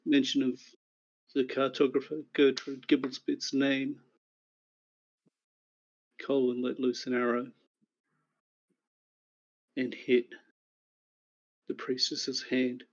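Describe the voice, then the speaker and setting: A man narrating a recap of the last tabletop game session as game master, in a measured storytelling way. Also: medium pitch, highs cut off.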